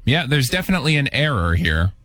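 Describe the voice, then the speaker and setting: A male host taking calls and joking with his callers. His delivery is deadpan and teasing, but the pitch swings about a lot. His voice sits in a middle register. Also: quick pace. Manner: deadpan, teasing one-liners. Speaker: radio-style call-in host. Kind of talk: comedic call-in banter.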